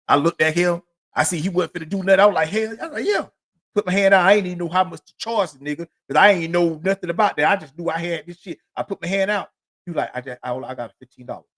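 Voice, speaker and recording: A middle-aged man, hosting a solo podcast and telling stories from his youth. His delivery rambles and loops through constant filler phrases, and it is loose and profane. He speaks in a somewhat high register for a man. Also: fast talker, a bit bright. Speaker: podcast host. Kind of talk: solo storytelling monologue.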